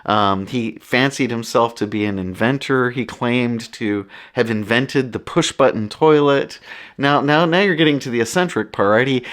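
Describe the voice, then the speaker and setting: A man's voice: mid-range voice, fairly bright tone. A man hosting a podcast, telling personal stories in a casual, rambling way full of asides. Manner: conversational, rambling anecdotes with many asides. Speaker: podcast host. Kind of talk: casual storytelling monologue.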